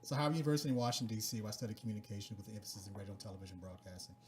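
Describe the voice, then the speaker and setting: A man's voice: fairly low pitch, fairly even intonation, very fast. A man in his fifties, a network producer, explaining in a businesslike way with a slightly rusty voice. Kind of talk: casual chat.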